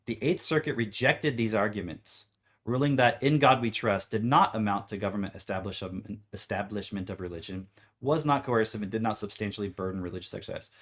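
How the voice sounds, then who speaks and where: Animated man on a podcast. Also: fairly low pitch. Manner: animated, acts out other people's lines in quick put-on voices, swears freely. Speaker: podcast co-host. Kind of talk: casual podcast chat.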